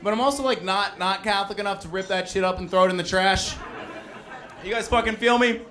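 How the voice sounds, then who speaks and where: Brash, high-voiced young comedian. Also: male voice, steady tone, quick pace, fairly bright tone. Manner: brash, profane, crowd-working. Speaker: stand-up comedian. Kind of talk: stand-up comedy set. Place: basement of a loud bar. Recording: live crowd in a bar basement. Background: laughing audience.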